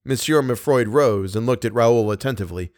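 A man narrating an audiobook in an expressive, steady storytelling manner. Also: mid-range voice, brisk, no room sound, studio quality. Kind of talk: scripted narration.

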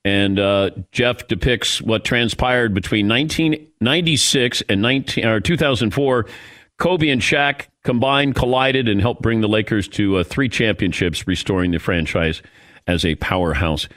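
A man hosting a sports talk radio show, introducing a guest and asking brisk questions. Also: on the low side, fairly bright tone.

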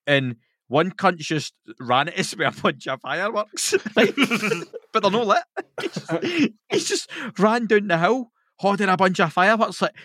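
A man with a Glasgow accent telling sweary, animated stories in a casual podcast chat. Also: high voice, moderate pace, no room sound, studio quality. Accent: Scottish, Glaswegian. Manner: sweary, animated, laughs through his stories. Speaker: podcast guest.

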